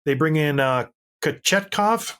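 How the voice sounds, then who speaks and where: A man's voice: on the high side, animated, measured pace, a bit bright. A man co-hosting a sports podcast, telling stories in an emphatic, fired-up way during casual chat. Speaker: podcast co-host.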